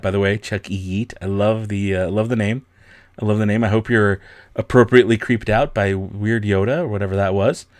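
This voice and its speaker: Hosting a casual livestream, this young man works through the chat with frequent laughter and a rambling, self-deprecating manner. His voice is on the low side, and the studio-quality recording has no room sound.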